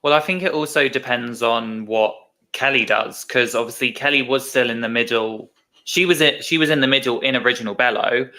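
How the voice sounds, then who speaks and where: A man's voice: mid-range voice, pushed and bright. A man co-hosting a podcast, thinking aloud and correcting himself in casual discussion. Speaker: podcast co-host.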